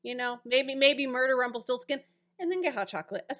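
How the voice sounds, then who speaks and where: A woman's voice: sits high, lively intonation, a little fast, fairly bright tone. Playful woman joking about a show. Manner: playful and joking, laughs often. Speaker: podcast co-host. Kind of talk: casual chat recapping a TV show.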